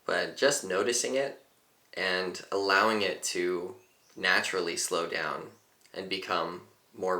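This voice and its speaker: Speaking as a meditation teacher, a man talks listeners through their breathing, never rushing and instructing gently. Though pitched low, his voice comes across bright and clear, carrying a distinct echo from the room.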